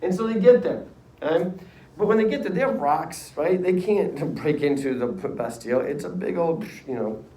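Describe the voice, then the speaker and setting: A man's voice: fairly high pitch, expressive, mellow, distant mic, slight background noise. Jokey man lecturing in an echoey classroom. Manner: jokey storytelling, acts out quick character voices. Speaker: history teacher.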